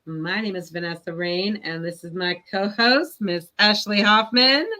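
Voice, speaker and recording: A woman's voice: mid-range voice, measured pace, pushed and bright. A young woman co-hosting a casual podcast chat, laughing often and teasing playfully. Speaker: podcast co-host.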